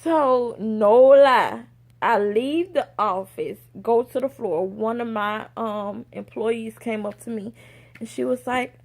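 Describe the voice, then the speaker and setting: A young woman, telling a personal story to camera in a lively, casual way and acting out the people she quotes. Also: moderate pace. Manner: animated, acts out quoted people with big pitch jumps. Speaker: vlogger.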